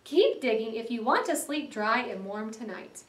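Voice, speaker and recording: A woman voicing a brisk, practical male water rat with a bossy, exclaiming manner, read aloud for a class. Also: a little high, lively intonation, reverberant, far from the mic, close to an everyday voice.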